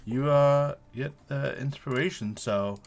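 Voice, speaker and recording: A man's voice: medium pitch, measured pace, over a noisy crowd. A man running a streamed tabletop game as game master, chatty and joking.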